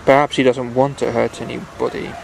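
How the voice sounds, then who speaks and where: A man's voice: mid-range voice, little pitch movement, brisk, gravelly, slight background noise, rough recording. A man doing a curious, brave little traveller. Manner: inquisitive, gently coaxing.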